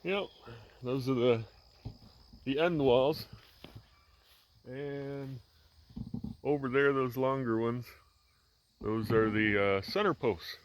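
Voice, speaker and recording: A farmer vlogger walks outdoors with a handheld camera, chatting casually about farm chores in a mid-range male voice. He goes slowly, pauses often, and rambles in a relaxed way with many fillers and restarts, over a little hiss or hum.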